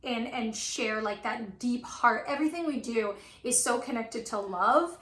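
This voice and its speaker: A woman's voice: on the high side, a little slow, fairly bright tone, roomy sound. A woman coach chatting casually and effusively about her relationship, full of "like" and "right". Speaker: twin flame coach. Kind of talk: casual chat.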